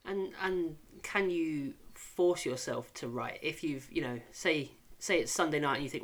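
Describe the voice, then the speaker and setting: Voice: medium pitch, measured pace, few pauses. A podcast host asking a guest casual, probing questions and rephrasing them as he goes.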